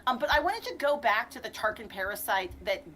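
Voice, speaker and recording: A woman co-hosting a casual livestream chat, animated and laughing often between quick asides. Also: on the high side, a little hiss or hum. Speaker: co-host.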